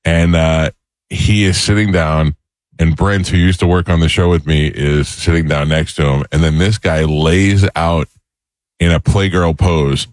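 This is a middle-aged man with a deep, low voice, hosting a talk show. He tells his stories in a casual, animated way and acts out the other people's voices. The sound is close and dry, with no room in it. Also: a little slow, no room sound. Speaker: radio show host. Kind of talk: casual storytelling chat.

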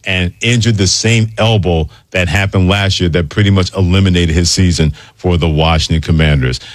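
A man hosting a sports talk radio show, talking conversationally and reading promos briskly. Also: low-pitched, no room sound. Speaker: radio host. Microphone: studio mic.

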